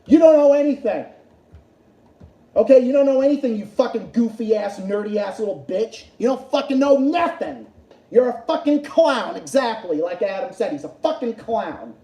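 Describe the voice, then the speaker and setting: A man's voice: extremely high pitch, animated, moderate pace, warm tone, highs cut off. Furious, profane ranting man, echoey room. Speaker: livestream host. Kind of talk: angry political rant.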